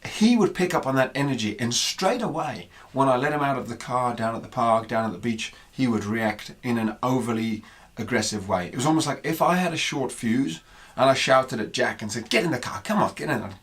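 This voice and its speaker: A man, a dog trainer, speaking in a relaxed, conversational way as he tells stories on a podcast. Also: medium pitch, normal speed. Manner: conversational, anecdotal, acts out quotes. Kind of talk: podcast monologue, storytelling.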